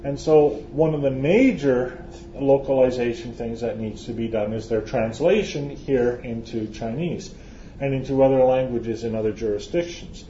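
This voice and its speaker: A Canadian man gives a joking, chatty lecture to a live conference audience, often restarting his phrases. His voice is mid-range and warm at a moderate pace, captured in a roomy, dull hall recording with slight background noise.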